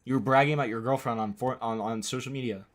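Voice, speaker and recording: A man's voice: mid-range voice, steady tone, quick pace. A young man streaming live, reacting to a clip with incredulous, swearing commentary that repeats itself.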